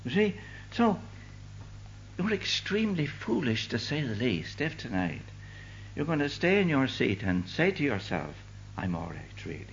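An older man preaching a sermon with fervent delivery, swinging from loud declaiming to hushed asides. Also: a little high, big pitch swings, unhurried, dull audio, slight background noise.

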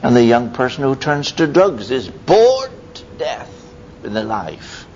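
A man preaching a sermon, telling stories in a lively way with sudden high exclamations. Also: unhurried. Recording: dull lo-fi recording with faint rumble.

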